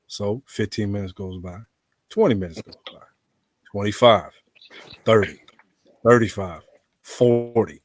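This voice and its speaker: Low-voiced man telling a blunt story. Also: a little slow, pauses often, no echo. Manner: animated, acts out both sides of dialogue; profane, blunt. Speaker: podcast co-host. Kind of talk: casual storytelling chat.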